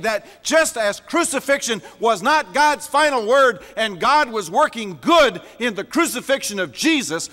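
A man's voice: sits high, sharp tone, in a large hall. A man preaching a sermon as a pastor, emphatic and repeating words for stress.

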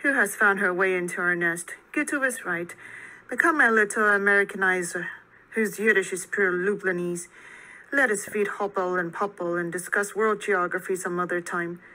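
Woman doing a low, teasing farmer man. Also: normal speed, bright, forceful tone, natural voice, low-quality recording. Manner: teasing, chuckling. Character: burly good-humored young male farmer.

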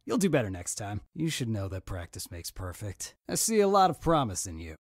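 Casting: a friendly bro pal, bouncy pitch, dry close sound. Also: male voice, sing-song, a little fast, dry recording. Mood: upbeat. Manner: upbeat, bro-ish encouragement.

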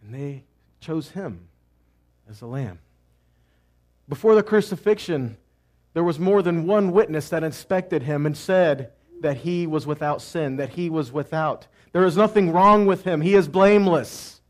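A man teaching a sermon who asks questions and answers them himself, moving between loud cries and quiet asides. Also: fairly high pitch, measured pace. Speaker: messianic teacher.

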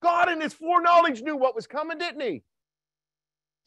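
A man preaching a Wednesday night sermon who acts out voices and shouts for effect. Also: very high-pitched, normal speed, long pauses, no echo. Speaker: pastor.

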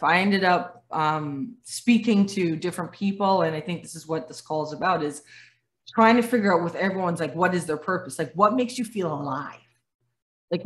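Animated woman telling stories on a call. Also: lowish voice. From Dominica, raised in Canada. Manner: animated storyteller, acts out quoted voices, laughs often. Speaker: guest speaker, former athlete. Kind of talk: video call conversation. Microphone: video call.

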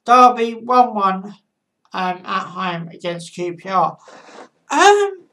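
A woman talks through her football match predictions at a slow, unhurried pace, stopping often to gather her thoughts. Her voice sits at a mid pitch and sounds slightly distant from the microphone. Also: bright, forceful tone. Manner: halting, with frequent pauses and fillers. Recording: voice a bit far from the mic.

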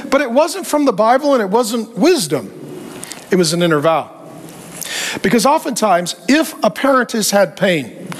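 A man with a strikingly high voice preaches a lively sermon. He jokes and mimics the people he quotes, with a faint hum of room noise behind him. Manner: animated and joking, acting out quoted voices. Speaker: pastor.

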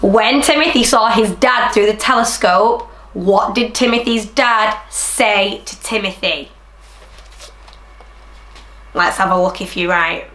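A woman reading a rhyming picture book aloud to children in an animated, sing-song way, then talking to them directly. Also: mid-range voice, slow pace, echoey room. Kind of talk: storybook read-aloud for children.

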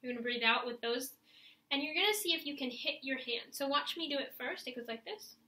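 High, bright-voiced woman teaching clarinet. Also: brisk, roomy sound, rough recording. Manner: encouraging, guides listeners step by step; demonstrates breaths and sighs aloud. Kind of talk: instructional video lesson.

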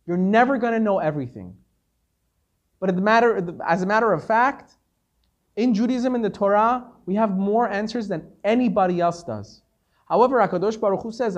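A man, a rabbi, giving an earnest sermon-style talk, telling a story and building to emphatic peaks before dropping quiet. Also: high voice, very animated, normal speed.

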